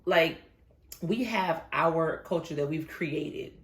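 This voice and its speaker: A woman from the American Midwest hosting a podcast, telling stories in an animated, playful casual chat. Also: low voice, takes it slowly. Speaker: podcast host. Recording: echoey room.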